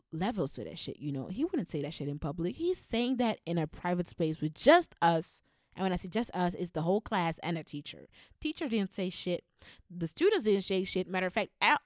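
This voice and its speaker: In a storytelling monologue, a woman vlogger recounts a personal story bluntly and heatedly, swearing constantly. Her voice is fairly low with a darkish tone, and the recording is studio quality with no echo.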